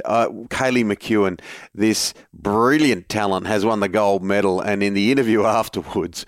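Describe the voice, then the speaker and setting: A man's voice: lowish voice, no room sound, clean studio sound. An Australian man hosting a sport radio show, chatting casually and laughing often as he talks. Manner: jovial, laughs often while talking.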